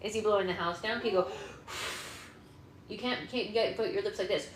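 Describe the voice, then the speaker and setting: A woman's voice: mid-range voice, fairly quick, a little hiss or hum. A woman hosting a live book-club read-aloud at home, reading and chatting playfully with her toddler. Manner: playful, coaxing baby-talk. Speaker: book club host and mother. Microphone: phone livestream. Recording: roomy room echo.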